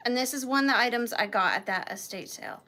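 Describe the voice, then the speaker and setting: A woman's voice: a little high, lively intonation, quick pace, pushed and bright. A woman hosting a live vintage sale, chatting casually, greeting viewers by name and laughing often, a bit out of breath. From Georgia, US. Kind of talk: casual live-stream selling.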